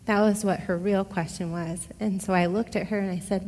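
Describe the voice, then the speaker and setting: A woman's voice: medium pitch, brisk, few pauses. Middle-aged woman telling her story, hall echo. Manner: conversational, expressive, addresses listeners directly. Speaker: speaker giving a personal testimony. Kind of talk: casual storytelling testimony. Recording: long hall reverb.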